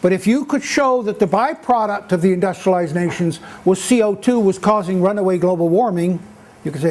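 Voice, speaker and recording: An older man giving an animated lecture-style talk at a townhall, acting out quotes as he tells stories. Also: high-pitched, a little fast. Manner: animated storytelling, acts out quotes. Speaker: speaker at a townhall.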